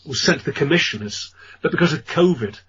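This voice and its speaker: A man's voice: on the high side, expressive, quick pace, a crowd in the background. A man with an English accent, a ghost tour guide, telling long rambling stories as a radio guest, with many fillers. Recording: dull lo-fi radio audio.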